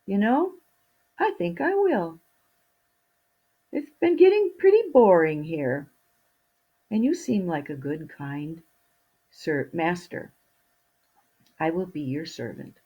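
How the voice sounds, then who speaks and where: A woman's voice: lowish voice, big pitch swings, slow pace, long pauses, slightly rough, highs cut off, full character voice. A woman voicing an invisible male magic servant spirit who is chatty and eager to please, in a storybook telling.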